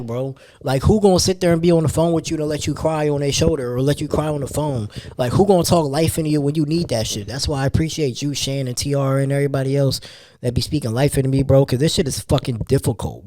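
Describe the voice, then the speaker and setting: A tired young man hosts a podcast in a loose, casual monologue full of street slang, yawning as he talks. His voice is mid-range and warm, with studio-quality sound and no echo.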